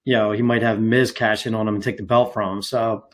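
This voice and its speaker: A man's voice: lowish voice, little pitch movement, a little fast. A man co-hosting a wrestling podcast, talking in a rambling, casual way with many fillers and restarts. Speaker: podcast co-host. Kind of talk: casual chat.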